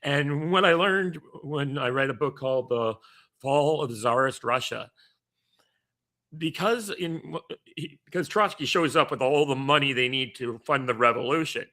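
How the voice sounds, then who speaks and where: A man who is a guest on a casual livestream chat, quick to agree and eager to add his own points. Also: medium pitch, pushed and bright.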